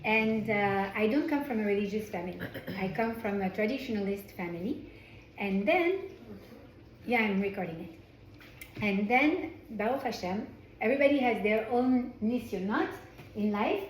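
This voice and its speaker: A woman's voice: medium pitch, lively intonation, moderate pace, a little hiss or hum. A woman from France with a French accent, teaching a Torah class in a chatty way and often restarting her sentences. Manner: chatty, self-correcting, with frequent restarts. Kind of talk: informal class lecture. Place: indoor class room with a small group. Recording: roomy echo in a class room.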